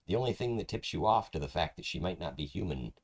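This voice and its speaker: A man's voice: low-pitched, animated, quick pace, slightly rough. A man narrating as game master of a tabletop game, loose and full of fillers.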